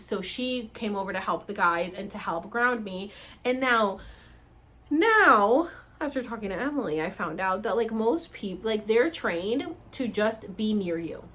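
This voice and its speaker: A woman vlogger telling a story to camera in a casual, animated way, swearing freely and acting out her own reactions. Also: medium pitch, normal speed.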